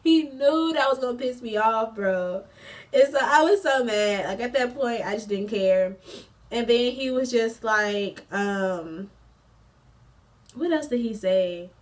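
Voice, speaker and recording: Recorded from a distance, a slightly high-pitched young woman in her twenties takes her time telling a casual storytime vlog. The college student is animated and chatty, full of slang and fillers, laughing as she goes.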